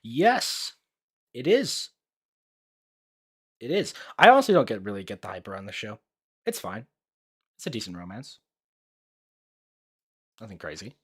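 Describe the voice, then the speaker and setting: A man's voice: lowish voice, sing-song, a little slow, long pauses, breathy edge. Blunt, rambling young man reacting to anime. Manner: blunt, profane, rambling with many fillers. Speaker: anime YouTuber. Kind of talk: casual reaction commentary.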